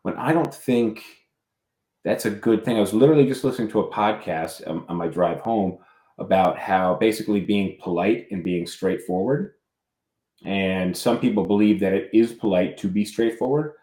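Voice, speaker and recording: A man co-hosting a podcast, musing in a low voice as he stops and restarts his thoughts. His words ring in a roomy, echoing space. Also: normal speed, dark tone. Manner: hesitant, many restarts and fillers. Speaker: podcast co-host. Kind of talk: casual podcast chat. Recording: roomy echo.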